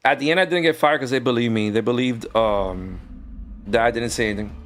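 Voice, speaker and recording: A former teacher turned game streamer tells casual stories from his classroom while playing, animatedly acting out the voices of the people involved. His voice is mid-range and a little fast, with slight hiss or hum on the recording.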